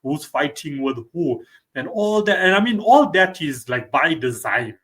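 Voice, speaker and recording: A man's voice: fairly high pitch, big pitch swings, a little slow, fairly bright tone. A man hosting a podcast, talking loosely and often filling with "you know" and "like". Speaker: podcast host. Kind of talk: casual chat.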